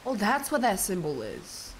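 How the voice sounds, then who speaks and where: A young woman streaming a game, commenting excitedly and swearing as she plays, out of breath. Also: mid-range voice, moderate pace, slight background noise. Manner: excitable, swearing, thinking aloud. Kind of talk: live gameplay commentary. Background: game music.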